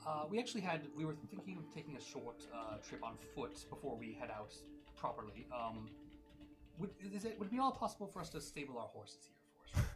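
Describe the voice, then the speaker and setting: A courteous adventurer who trips over his words while asking a favor, as a man plays him. His voice is a middle pitch. He speaks in the casual tone of a tabletop game. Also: very animated, over music, close to an everyday voice. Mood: polite. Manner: halting, polite. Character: male adventurer asking politely to stable horses.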